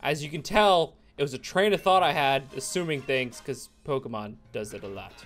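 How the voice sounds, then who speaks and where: A man's voice: medium pitch, normal speed, a bit bright, soft background music. A man giving casual, rambling let's play commentary, sarcastic and chatty with viewers. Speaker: gaming YouTuber.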